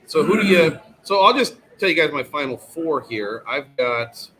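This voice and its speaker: A man's voice: fairly high pitch, lively intonation, normal speed, sharp tone. A man co-hosting a casual chat show, easygoing and self-deprecating. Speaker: co-host.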